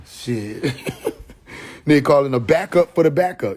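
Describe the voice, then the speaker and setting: A man's voice: medium pitch, big pitch swings, slow pace, pauses often, breathy edge. Profane, laughing man ranting on a livestream. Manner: profane, mocking, laughing, swings between loud and muttered. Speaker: livestream host. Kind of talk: casual livestream rant. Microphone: phone.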